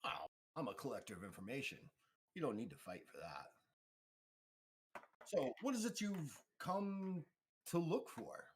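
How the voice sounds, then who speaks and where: A man voicing a sly, greasy male information broker with a metal arm, who talks in a smooth, bargaining way. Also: medium pitch, expressive, unhurried, long pauses, voice pushed up. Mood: smug.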